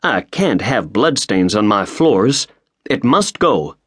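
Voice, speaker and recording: A man's voice: lowish voice, very animated, slow pace, a bit bright, breathy edge, full character voice. A man voicing an indignant, fussy middle-aged woman who exclaims.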